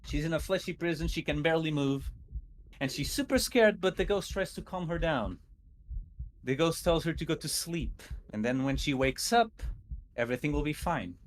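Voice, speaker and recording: A nervous man telling a spooky story on a stream, stuttering and halting often. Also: on the high side, slight background noise, poor audio. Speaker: guest storyteller.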